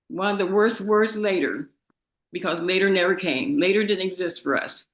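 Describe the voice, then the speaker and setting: A young woman, the victim's daughter, reads a halting, emotional statement in a courtroom, often repeating her words. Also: lowish voice, roomy sound, low-quality recording. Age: young adult. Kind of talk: reading a victim impact statement.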